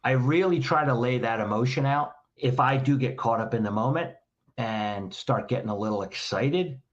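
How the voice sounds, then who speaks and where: A man's voice: mid-range voice, normal speed, muffled recording. A man, a trainer and podcast guest, explaining behavior in a direct, instructive way and firing off rhetorical questions.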